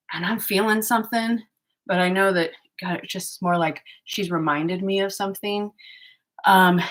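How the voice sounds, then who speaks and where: A woman hosting her own channel, talking frankly and profanely in a casual vlog monologue, with fillers and mocking asides. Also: on the low side. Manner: frank, profane, animated storytelling with mocking quoted voices; frequent fillers and laughs. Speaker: channel host.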